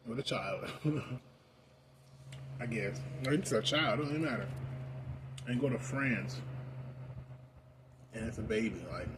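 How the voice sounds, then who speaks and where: A man's voice: medium pitch, unhurried, pauses often. Rambling, profane American man, noisy background. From United States. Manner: rambling, heavy on "like" fillers, profane. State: high. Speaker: vlogger. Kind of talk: casual rambling rant.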